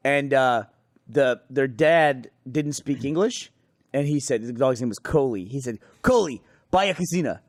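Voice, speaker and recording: A man's voice: mid-range voice, a little slow, no room sound. Laughing man telling stories, dry sound. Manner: laughing, profane anecdote-telling. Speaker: podcast co-host. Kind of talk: casual chat.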